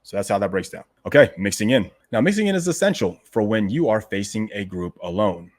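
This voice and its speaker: A man's voice: on the low side, animated, fairly quick, few pauses. A man hosting a show who reads passages from a classic text aloud and then explains them in a casual, emphatic way, often asking "right?" and talking to the listeners as "guys". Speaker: host explaining a martial arts classic.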